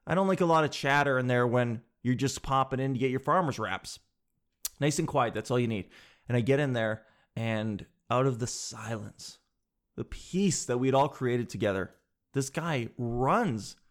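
A man telling a comic story in an animated, exasperated, sarcastic way. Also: medium pitch, moderate pace.

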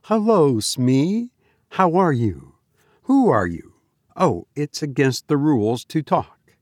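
A man reading a ghost story aloud, voicing a hushed, uneasy young woman who talks in a soft, confiding whisper. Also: a little high, sing-song, slow, dry recording, studio quality, pitched above the performer's own voice.

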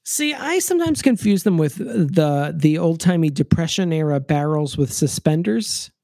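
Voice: mid-range voice, animated, normal speed, vocal fry, warm tone, dry recording. A podcast co-host recapping a children's book in a casual, joking way, with many fillers and wry asides.

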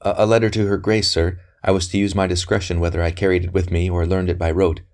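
A man's voice: deep voice, level tone, fast, darkish tone. A man reading aloud voices a young priest who speaks carefully and earnestly in a novel. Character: young earnest male priest, guarded courier. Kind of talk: audiobook character reading.

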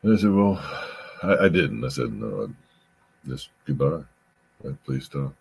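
Man, podcast host, very low husky voice, lively pitch, rambling and profane. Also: unhurried. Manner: rambling storyteller, repeats words, swears. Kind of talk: casual chat.

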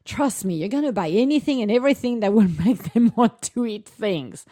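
A woman's voice: a little high, expressive, normal speed, dark tone, dry recording, clean studio sound. A woman chatting casually in a vlog, telling stories animatedly, with laughter and acted-out quotes. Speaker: vlogger, dog owner. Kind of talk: casual chat.

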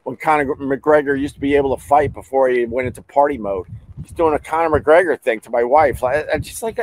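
Animated man telling a story. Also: a little fast, rough recording. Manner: animated, acts out quotes with big pitch jumps; repeats words and restarts often. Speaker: podcast host. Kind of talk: casual storytelling.

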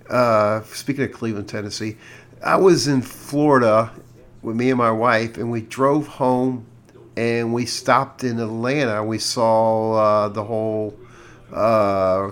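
Male radio host, middle-aged, halting casual storyteller, average pitch. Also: smooth. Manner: rambling, halting, with many restarts and fillers.

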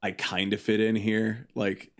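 A man's voice: lowish voice, little pitch movement, a little slow. A young man from the Chicago suburbs, a band guest chatting casually on a podcast, rambling with lots of "like" and acting out quotes. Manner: rambling, heavy on "like", does quoted voices.

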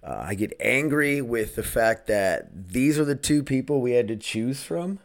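A man's voice: medium pitch, big pitch swings, measured pace, gravelly. Blunt rambling podcast host, a man. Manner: blunt, rambling, swears freely. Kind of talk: casual solo podcast chat.

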